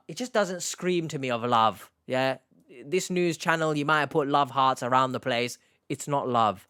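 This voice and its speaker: A man's voice: mid-range voice, lively intonation, a little slow, fairly bright tone, clear, resonant tone, no room sound, studio quality. A man hosting an online reaction video, giving sarcastic, mocking commentary in a casual way.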